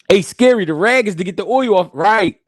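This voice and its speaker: A man's voice: high voice, no room sound, studio quality. A man hosting a live boxing stream, joking and laughing through profane banter.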